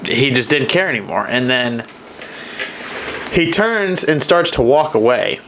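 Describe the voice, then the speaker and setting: A man's voice: mid-range voice, expressive, measured pace, a bit bright. Podcast guy telling a deer hunt story, acts out the deer, faint background hum. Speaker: podcast co-host. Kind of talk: casual hunting story chat.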